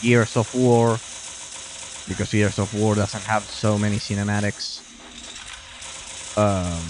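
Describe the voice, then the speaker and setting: Over background noise, a man with a lowish voice offers casual let's-play commentary. As he plays the game, he rambles, starts over, and mutters to himself.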